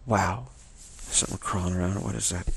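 A man giving a slow, repetitive dharma talk as a spiritual teacher, often restarting and chanting a soft "wow" refrain. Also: sits low, fairly even intonation. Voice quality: gravelly and husky.

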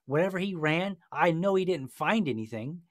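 A man's voice: fairly high pitch, expressive, normal speed, dry recording, clean studio sound. A man hosting a podcast discussion, telling a story in a passionate, sarcastic way. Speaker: podcast host. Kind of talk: casual discussion.

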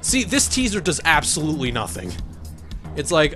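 A man's voice: medium pitch, quick pace, soft background music. A man commenting on a story game as a let's-play host, ranting with irritation and frequent swearing. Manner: animated, swears often, irritated rants.

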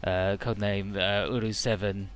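A man voicing a stoic young soldier in casual game commentary, deadpan and clipped. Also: on the low side, moderate pace, faint music behind, pitched below the performer's own voice, lightly acted. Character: stoic young male soldier, flat and matter-of-fact. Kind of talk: casual paraphrase of game dialogue.

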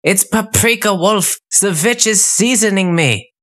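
A man doing a scolding little girl. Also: pushed and bright. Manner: high, drawn-out, scolding put-on voice. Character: captive young girl, tart and indignant. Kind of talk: audiobook character voice.

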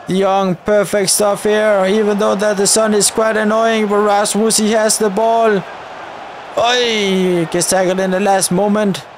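A young man giving live commentary over a football video game, shouting at the referee in frustrated outbursts. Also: high-pitched, a little hiss or hum. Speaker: gaming YouTuber.

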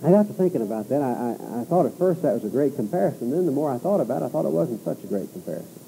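A man's voice: mid-range voice, very animated, racing, creaky, dark tone, slight background noise, low-quality recording. A man preaching an expository sermon, reading scripture with rising emphasis and turning to the listeners with conversational asides and rhetorical questions.

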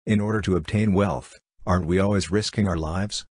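A male audiobook narrator voices greedy, bold pirates who bluster and try to persuade, all in an eager mood. His voice sits low and is husky and slightly mellow, and he speaks briskly. There is no echo on the recording.

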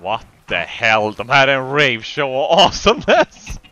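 A man giving excitable, laughing commentary as he plays a video game. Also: mid-range voice, moderate pace, highs cut off, noisy background. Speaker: gamer. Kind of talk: let's play commentary.

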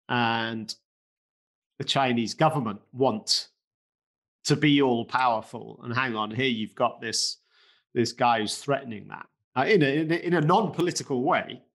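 A man's voice: medium pitch, fairly bright tone. Emphatic man explaining markets. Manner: explanatory, emphatic, frequent okay and you know. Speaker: co-host, markets commentator. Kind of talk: casual podcast discussion.

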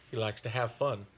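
A man's voice: medium pitch, slightly rough. A man hosting his hobby channel, chatting in a rambling, friendly way with many fillers. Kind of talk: casual chat.

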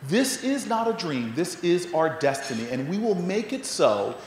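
In a voice that sits high with big pitch swings, a little mellow and at a moderate pace, an American mayor gives a stirring gala address at a podium. Repeated words trip him up as he works toward rousing refrains, heard with echo and faint noise from the large banquet hall.

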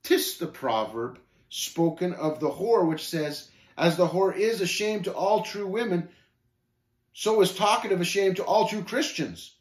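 A man's voice: high-pitched, a little slow, reverberant, pitched above the performer's own voice. A man doing an earnest plain-spoken pilgrim. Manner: steady, matter-of-fact, earnest.

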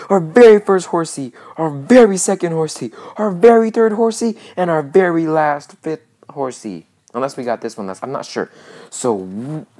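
A woman giving let's-play commentary, excitable and casually swearing, with lots of repeated phrases. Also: low voice, a little slow. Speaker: gaming channel host.

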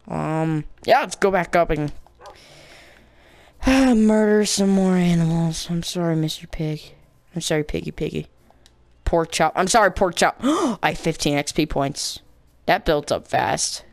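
A man's voice: on the high side, normal speed, clear, resonant tone, dry recording. A man giving casual let's-play commentary as a gaming channel host, rambling playfully, mocking himself and adding silly sound effects.

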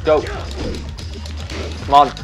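A young man chatting casually while playing a fighting game, excitable and swearing, shouting at the screen. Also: extremely slow. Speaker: gaming co-host. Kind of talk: casual gaming chat. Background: game music.

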